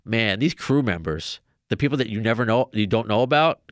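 A man's voice: fairly low pitch, expressive, fairly quick, no room sound, studio quality. A man hosting a podcast, telling a long story in a casual, rambling way with many restarts. Now and then he raises his voice to act out what others said. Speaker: podcast host.

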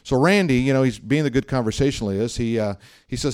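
A man's voice: mid-range voice, quick pace, hardly any pauses, darkish tone, dry recording, studio quality. A man preaching a sermon, telling a story with acted-out dialogue and reading passages aloud from a book. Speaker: pastor.

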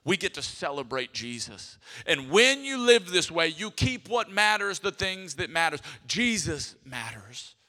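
A man preaching a sermon as a pastor, telling stories with lively, acted-out voices. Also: fairly high pitch, measured pace, hardly any pauses, long reverb tail. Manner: animated storytelling, acts out quoted voices. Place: church sanctuary.

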